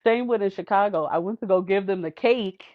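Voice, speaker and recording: A woman chats on a podcast in an animated, storytelling way, slipping into the voices of the people she quotes and laughing between lines. The recording is dull and lo-fi, close and dry with no room sound. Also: medium pitch, fairly quick, no echo. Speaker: podcast guest. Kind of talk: casual storytelling chat.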